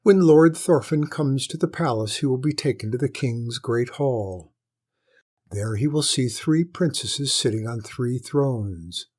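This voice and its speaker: A man voicing a sly, knowing male court jester in a storybook reading, with a courtly, measured manner. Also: medium pitch, a little mellow, lightly acted.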